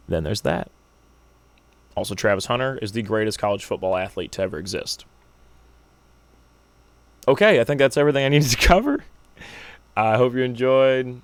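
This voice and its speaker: A man's voice: lowish voice, clear, resonant tone, no echo. A young man hosting a solo sports podcast, making brash, joking predictions like a hyped-up fan. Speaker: podcast host.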